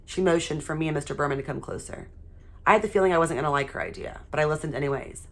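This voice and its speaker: A woman teacher reading a children's chapter book aloud in a steady, expressive way. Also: deep voice, fast.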